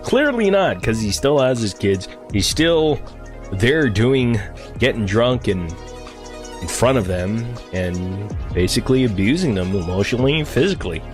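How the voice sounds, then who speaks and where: A man's voice: medium pitch, very animated, normal speed, faint music behind. A man chatting crudely and tauntingly on a livestream. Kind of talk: casual livestream chat.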